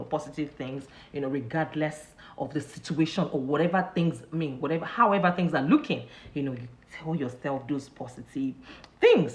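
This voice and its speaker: Woman, motivational live talk, lower voice, rambling, laughs a lot, echoey room. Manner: chatty, loose and repetitive, heavy "you know" fillers; breaks into laughter while telling stories. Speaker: motivational speaker hosting a live session.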